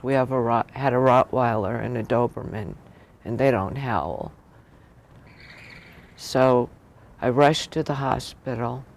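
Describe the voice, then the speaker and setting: A widowed woman recalling a loss in a documentary interview, speaking slowly and often sinking into a whisper. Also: a bass voice, a little mellow, slight background noise. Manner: slow, gravelly, often dropping to a whisper. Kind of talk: documentary interview, personal recollection.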